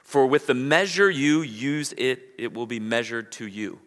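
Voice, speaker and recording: A man's voice: mid-range voice, animated, unhurried, a bit bright. A man preaching a sermon as pastor, reading scripture and building to emphatic bursts. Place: church sanctuary. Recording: long hall reverb.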